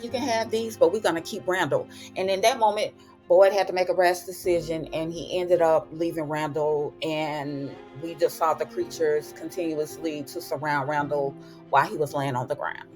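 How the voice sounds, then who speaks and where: A young woman giving a chatty, expressive episode recap, with slang asides as she retells the plot. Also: deep voice, moderate pace, faint music behind. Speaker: TV recap host.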